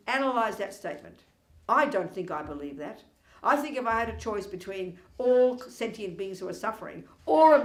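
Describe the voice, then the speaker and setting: Emphatic woman dharma teacher, provocative and wry, roomy hall sound. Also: on the high side. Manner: animated, emphatic, provocative and ironic. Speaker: Buddhist teacher. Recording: echoey room.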